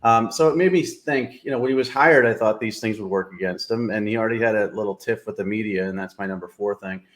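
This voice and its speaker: A man's voice: on the low side, fast. A middle-aged man hosting a sports show, giving blunt, opinionated analysis in casual talk with lots of fillers.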